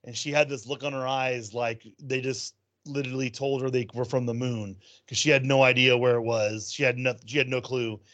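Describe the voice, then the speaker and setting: A man's voice: medium pitch, little pitch movement, moderate pace, a bit bright. A man co-hosting a casual chat about theme park news, rambling through stories with plenty of ums. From California. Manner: rambling storyteller, many ums. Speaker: podcast co-host.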